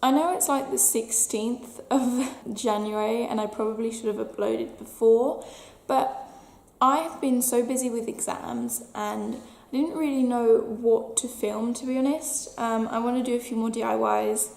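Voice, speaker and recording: Chatty young woman, gravelly voice. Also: fairly high pitch, steady tone, a little slow, darkish tone. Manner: chatty, says "like" constantly. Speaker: beauty vlogger. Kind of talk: casual makeup tutorial chat. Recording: echoey room.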